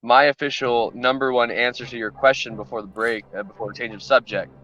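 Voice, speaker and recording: A man co-hosting a casual political talk show, halting and searching for words as he speaks. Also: medium pitch, fairly even intonation, bright, forceful tone, dull audio. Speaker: co-host.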